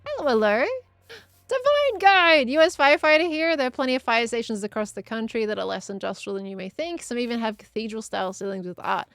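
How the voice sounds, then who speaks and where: Gravelly Australian woman streaming. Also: fairly high pitch, expressive, brisk, a bit bright, dry recording, clean studio sound. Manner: chatty, reads out chat messages and reacts to viewers. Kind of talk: casual live-stream chat.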